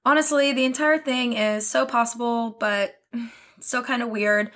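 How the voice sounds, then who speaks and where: A woman's voice: fairly high pitch, fairly even intonation, a little slow, a bit bright. A young woman co-hosting a podcast in casual chat, chatty and often laughing. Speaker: podcast co-host.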